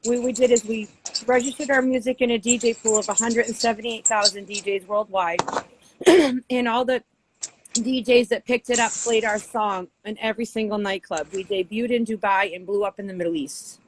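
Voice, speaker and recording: A woman's voice: a little high, steady tone, normal speed, slight background noise, rough recording. A woman with a Boston accent, a guest artist chatting casually and rambling with lots of fillers. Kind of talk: casual interview chat.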